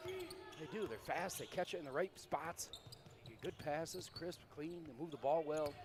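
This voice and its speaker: Hyped guy calling hoops in a gym, kinda high voice, joking with his partner. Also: big pitch swings, normal speed, background noise. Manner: hyped, folksy, calls partner buddy and son. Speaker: play-by-play announcer. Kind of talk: high school basketball commentary.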